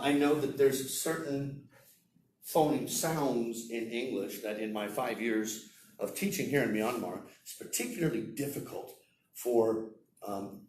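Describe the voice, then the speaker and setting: A man teaching English at a seminar, lecturing slowly and demonstrating example sentences aloud. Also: medium pitch, a little mellow, a little hiss or hum. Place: seminar room. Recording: roomy echo, heard from far off.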